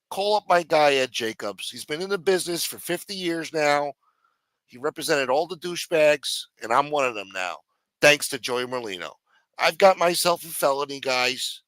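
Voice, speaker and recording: A man's voice: on the high side, bright, forceful tone, no echo. A man putting on the voice of a whiny young man who has just been jailed and threatens to snitch. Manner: whining, pleading, sarcastic.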